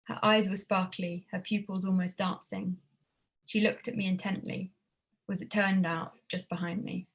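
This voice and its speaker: A woman reading her own prose at a literary evening, measured with a wry tone. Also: mid-range voice, little pitch movement, gravelly, husky. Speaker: student writer reading her work.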